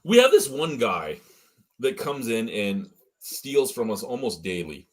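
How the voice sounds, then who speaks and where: Husky, animated man ranting profanely. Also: medium pitch, a little slow. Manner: profane, ranting, gets worked up. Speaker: beer review show co-host. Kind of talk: casual chat.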